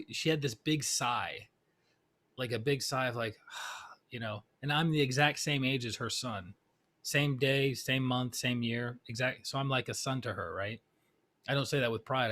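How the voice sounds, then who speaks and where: A man's voice: mid-range voice, a bit bright. A middle-aged man, a spiritual teacher, telling a personal story in a conversational talk and often checking in with "right?". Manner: conversational, keeps asking "right?".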